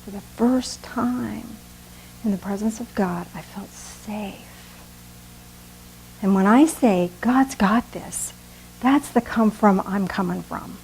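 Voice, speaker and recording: A woman preaching a sermon, slow and earnest, with dramatic pauses. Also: medium pitch, gravelly, a little mellow, slight background noise, rough recording. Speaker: pastor.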